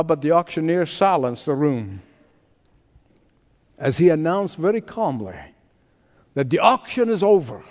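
A man preaching a sermon, telling a story dramatically and acting out the voices of its characters. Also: high-pitched. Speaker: pastor. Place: large church sanctuary. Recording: long hall reverb.

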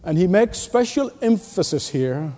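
A man preaching in a high, mellow voice that rings through a big hall with a long echo. He delivers his sermon with force, repeating key phrases and dropping to near whispers for effect. He comes across as a pastor working a congregation. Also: very animated, unhurried. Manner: emphatic preaching, repeats key lines, swings from loud to hushed.

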